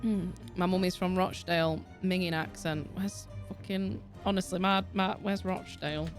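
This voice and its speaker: A woman's voice: on the low side, steady tone, moderate pace, soft background music. A woman streaming a detective game, chatting casually with her viewers, giggling often, swearing freely and rambling from thought to thought. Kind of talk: casual gameplay commentary with chat.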